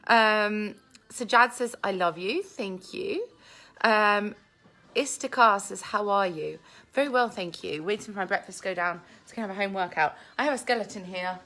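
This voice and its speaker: Chatting on a casual livestream from home with family around, an Englishwoman reads viewer comments aloud into the phone in her hand during a Q&A. She talks at normal speed in a mid-range voice that sounds pushed and bright.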